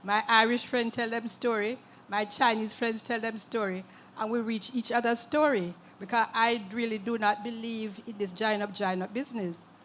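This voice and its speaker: A woman's voice: on the high side, steady tone, normal speed, fairly bright tone, slight background noise. An older woman with a Jamaican accent, speaking as a writer in an interview, emphatic and earthy, often closing her points with "okay". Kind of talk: conversational interview at a literary event.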